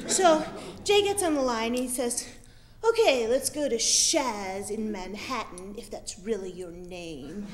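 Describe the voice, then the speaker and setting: A woman from Utah reading her own funny stories on a comedy club stage with dry, wry humor. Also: high voice. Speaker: storyteller. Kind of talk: live storytelling reading.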